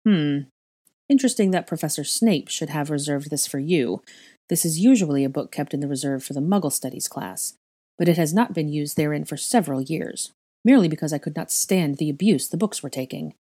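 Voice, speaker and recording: A woman's voice: low voice, a little fast, slightly rough. Strict old librarian witch, as a woman puts her on. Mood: stern. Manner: flat, precise, disapproving.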